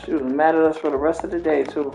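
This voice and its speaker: A woman's voice: sits low, steady tone, quick pace, vocal fry, dark tone. A woman DJ telling a funny family story in casual, slangy talk, laughing as she goes. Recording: roomy echo with faint music.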